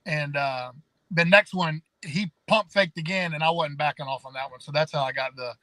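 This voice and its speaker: A man's voice: on the high side, moderate pace, bright, forceful tone, no room sound, poor audio. A man telling his side of a story on a podcast, plainspoken and good-humored. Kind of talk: casual storytelling.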